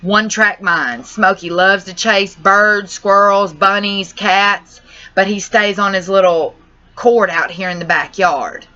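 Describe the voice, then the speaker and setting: Upset girl vlogging, bright edgy voice, rambly, cusses, kinda muffled lo-fi audio. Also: medium pitch, fairly even intonation, slow pace. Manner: distressed, rambling, says y'all and cusses. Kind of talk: emotional personal vlog. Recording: dull lo-fi audio.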